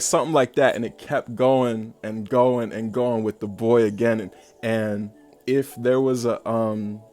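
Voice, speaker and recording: A man's voice: lowish voice, darkish tone. A young man telling a long personal story in a casual, rambling way, full of fillers and bursts of laughter. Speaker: vlogger.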